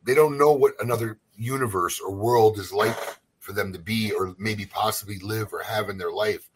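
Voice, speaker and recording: A man's voice: lowish voice, moderate pace, slightly rough, low-quality recording. A man hosting a casual conversation, chiming in to prompt the guest and reflecting thoughtfully.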